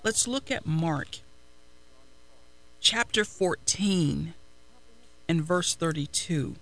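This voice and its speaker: Slow, gravelly high-voiced male preacher. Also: lively intonation, fairly bright tone. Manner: slow, emphatic preaching with repeated phrases; prayerful asides while searching the text. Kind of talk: sermon.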